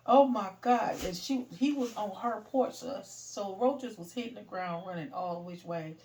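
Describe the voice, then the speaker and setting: A middle-aged woman casually telling a story, animated, laughing and swearing as she goes. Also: medium pitch, moderate pace, far from the mic, slight background noise.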